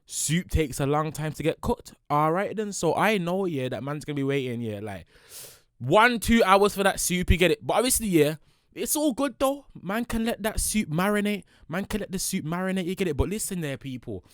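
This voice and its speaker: Hyped young streamer, rambling. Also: male voice, high-pitched, normal speed, dry recording, studio quality. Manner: rambling, heavy street slang, excitable. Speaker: reaction streamer. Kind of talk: hyped reaction commentary.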